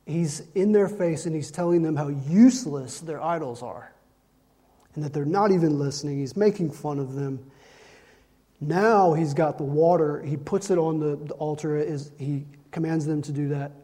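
A man's voice: a little high, moderate pace, warm tone. A man preaching a sermon, emphatic and repeating lines to drive his points home. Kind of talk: sermon with Bible reading.

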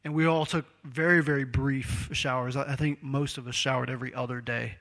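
A man's voice: medium pitch, steady tone, brisk, fairly bright tone. A man preaching a sermon in a conversational, storytelling way, acting out the quotes he tells.

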